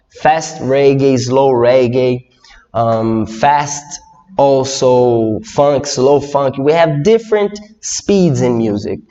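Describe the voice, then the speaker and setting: Young Brazilian man teaching English live, unhurried delivery, reverberant room. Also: a little high. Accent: Brazilian Portuguese. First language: Portuguese. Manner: slow, lively, reads viewer comments and asks questions. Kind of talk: live online English lesson. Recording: dull lo-fi audio with long reverb.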